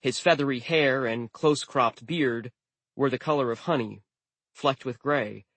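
A man's voice: mid-range voice, unhurried, a bit bright, no room sound. A man narrating a story in the first person with a dry, wry manner. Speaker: audiobook narrator.

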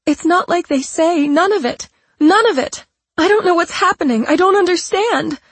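A woman's voice: very high-pitched, animated, normal speed, no echo, voice pushed up. A woman voicing a scheming young woman who fakes terror on a phone call, speaking in a shaky, quavering, pleading voice. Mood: fake panic. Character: scheming young woman faking terrified sobs.

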